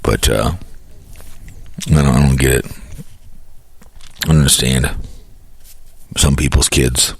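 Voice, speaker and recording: Gravelly low-voiced man ranting. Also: fairly even intonation, slow pace, pauses often. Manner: grumbling, blunt and profane. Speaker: live streamer. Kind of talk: ranting live-stream monologue.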